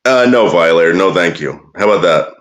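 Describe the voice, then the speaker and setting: A man's voice: deep voice, animated, a little fast, a bit bright. A man ranting crudely and bitterly in casual talk, drawling some words and muttering others. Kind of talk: profane casual rant.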